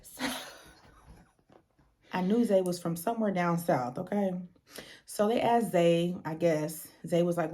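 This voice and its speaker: A young woman recaps a reality show in a loose, blunt way, swearing freely and acting out the people she quotes. Her voice sits a little low and sounds mellow and dark, and she swings into higher tones for emphasis. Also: a little slow, long pauses. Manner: animated, blunt and profane, acts out quotes. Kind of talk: casual recap commentary.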